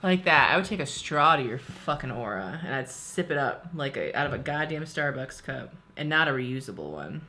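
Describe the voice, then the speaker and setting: Bright, lively woman host, laughing often. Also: rumbling low, moderate pace, hardly any pauses. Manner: laughs often, jokey and profane. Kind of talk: casual chat.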